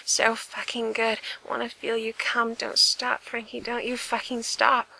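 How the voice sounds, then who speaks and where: A man's voice: very high-pitched, monotone, unhurried, gravelly, pushed and bright, full character voice, rough recording. A woman voicing a breathless, teasing young man in an audio reading of a romance story.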